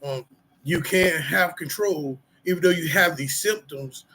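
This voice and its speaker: Sharing his personal recovery, a middle-aged man speaks candidly to his viewers about his past and how he's changed, rambling with heavy fillers and street slang. His voice is a little high and sharp, at a measured pace. The low-quality recording carries a little hiss or hum.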